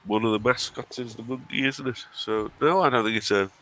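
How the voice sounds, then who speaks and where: A man's voice: medium pitch, brisk, fairly bright tone. A man from the of England with a runny nose, chatting casually and teasing his co-host on a game stream. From Hartlepool, England. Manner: dry, teasing banter. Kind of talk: casual chat.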